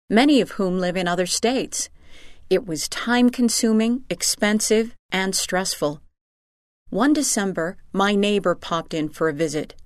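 A woman giving a measured, sincere scripted reading of letters. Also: lowish voice, dry recording, studio quality.

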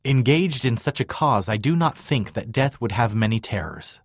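A man voicing a calm Welsh riverboat captain who speaks slowly and steadily with a Welsh accent. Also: medium pitch, no room sound, studio quality. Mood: calm resolve.

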